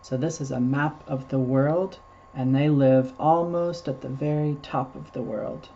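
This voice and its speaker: A man's voice: mid-range voice, steady tone, a little slow, dark tone, muffled recording, slight background noise. A man hosting a children's storytime, reading picture books aloud and patiently explaining words for small children. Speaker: storytime host reading to preschoolers.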